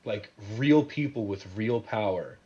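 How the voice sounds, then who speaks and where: A man from Utah, a guest in a casual podcast chat, relaxed and quick to laugh. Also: on the low side, highs cut off, over a noisy crowd. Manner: relaxed, laughs easily, short agreeing replies.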